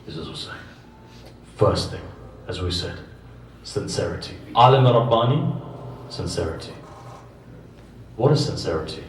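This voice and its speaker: A man's voice: sits low, lively intonation, unhurried, long pauses, slight background noise. A man preaches, driving a story forward with rhetorical questions and phrases he repeats for weight. He sits well back from the microphone in a roomy, echoing hall, and a faint murmur of the room sits under his voice. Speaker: preacher at a mourning gathering. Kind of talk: sermon. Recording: echoey distant hall recording.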